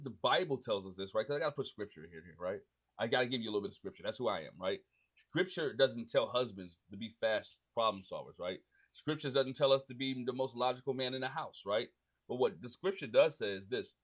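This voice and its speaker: A man's voice: on the low side, a bit bright. A man in his forties hosting a casual, faith-based advice talk for husbands, often checking in with "right?" and restarting his sentences. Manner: conversational, frequent "right?" tags and restarts. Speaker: podcast host speaking to husbands.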